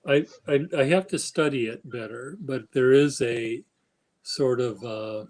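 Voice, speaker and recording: A man hosting a casual stream chat, speaking slowly and haltingly in a flat, even tone. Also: medium pitch, low-quality recording. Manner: slow, halting, self-described monotone. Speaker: stream host.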